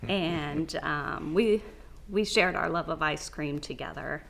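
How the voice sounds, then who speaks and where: A woman's voice: low voice, takes it slowly, vocal fry, a bit bright, a little hiss or hum. A woman lightly and with amusement recalling her father in a documentary interview.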